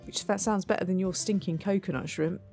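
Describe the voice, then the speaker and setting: A woman's voice: lowish voice, fairly quick, a little mellow, soft background music. A woman hosting a cooking game playthrough, chatting to herself and poking fun at her own mistakes. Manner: chatty, self-mocking, talks to herself. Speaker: let's play host. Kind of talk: gameplay commentary.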